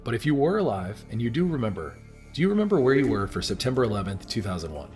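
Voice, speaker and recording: A man's voice: medium pitch, very animated, fast, a little mellow. A man in his thirties narrates from a script in an earnest storytelling way, often turning to ask his viewers what they remember. Faint music plays underneath his voice. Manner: earnest, storytelling delivery with direct questions to viewers. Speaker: video narrator.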